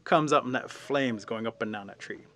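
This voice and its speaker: Bright-voiced male storyteller, animated traditional tale, acts out the scenes. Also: medium pitch, moderate pace. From Cherokee Nation.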